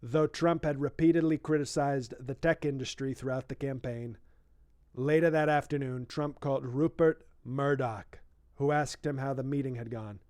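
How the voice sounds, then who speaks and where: A man's voice: mid-range voice, steady tone, moderate pace, a little mellow, no room sound, studio quality, close to an everyday voice. A man doing a boastful rambling politician. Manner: boastful, rambling, interrupts his own reading with asides. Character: boastful rambling older male politician, self-praising. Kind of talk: comic impression reading a book aloud.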